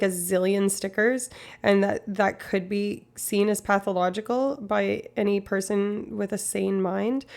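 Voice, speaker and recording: A woman's voice: mid-range voice, creaky, darkish tone. A woman streamer in rambling, casual live-stream chat, swearing now and then.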